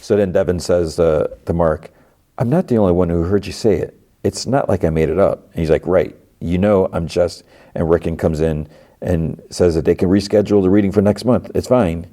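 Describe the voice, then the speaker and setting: A man's voice: deep voice, moderate pace, warm tone. A man hosting a podcast, casually retelling a TV episode and quoting its characters, laughing now and then. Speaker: podcast host.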